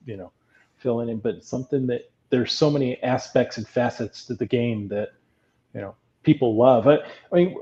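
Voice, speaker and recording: A man's voice: mid-range voice, mellow, muffled recording. A man co-hosting a casual podcast, reading listener comments and chatting in a friendly, laughing way. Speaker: podcast co-host. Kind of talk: casual chat.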